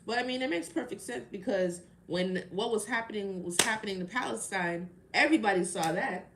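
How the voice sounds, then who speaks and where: A woman's voice: mid-range voice, brisk. Woman, tarot live-stream host, fed up and sarcastic, full of rhetorical jabs; echoey room audio with light noise. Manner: heated, exasperated and sarcastic, with rhetorical questions. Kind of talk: ranting live-stream chat.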